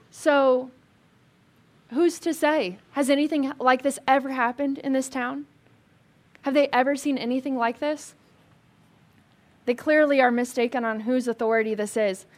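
A woman with a somewhat high voice leads a casual Bible teaching for a group in front of her. She talks in a chatty, animated way, full of "like" fillers, and drops in humorous asides as she explains the passage.

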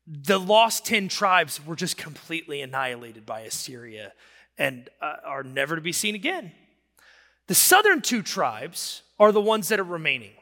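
A pastor preaches to his congregation in a high, bright voice that rings with tension, his words trailing into the long reverb of a church hall. He talks loosely and wanders off on asides, then climbs into sudden forceful emphasis. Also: very animated, moderate pace, gravelly. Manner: conversational and digressive, with sudden emphatic rises. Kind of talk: sermon. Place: church sanctuary.

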